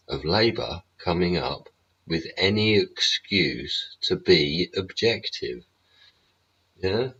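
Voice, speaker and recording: Gravel-deep British man ranting on stream. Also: animated, unhurried, fairly bright tone. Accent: British English. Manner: blunt, profane, rhetorical tags. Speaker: livestream host. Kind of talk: swearing political rant. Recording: dull lo-fi stream audio.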